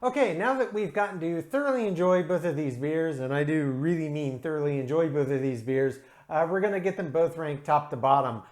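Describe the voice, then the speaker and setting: A man's voice: fairly high pitch, a little fast, hardly any pauses, a little mellow. Enthusiastic man reviewing beer. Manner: enthusiastic, descriptive, frequent um and uh. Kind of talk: casual solo review.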